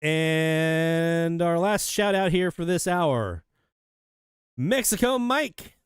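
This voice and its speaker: A man hosting a live radio hobby show, chatting casually and enthusiastically as he reads out listener shoutouts. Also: on the high side, slow pace, noisy background. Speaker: host of a radio hobby livestream.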